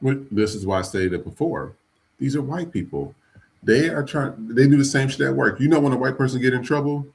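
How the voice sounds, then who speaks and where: A man's voice: mid-range voice, fairly quick, gravelly, a little mellow, a little hiss or hum. A man hosting a live podcast, talking bluntly and profanely in a rambling, casual way with many restarts. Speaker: podcast host.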